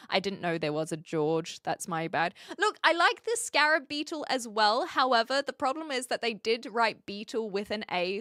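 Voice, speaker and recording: Lively woman with a mixed Kiwi-Aussie accent. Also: medium pitch, no echo, clean studio sound. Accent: mixed New Zealand with an occasional Australian twang. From New Zealand. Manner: chatty and playful, with lively swings between a soft mumble and bright exclaiming. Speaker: streamer. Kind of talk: casual livestream chat, reading out viewer comments.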